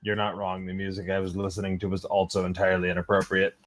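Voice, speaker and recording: A man playing a tabletop game, casually describing his character's actions in a measured way. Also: low voice, completely flat delivery, soft background music. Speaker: player.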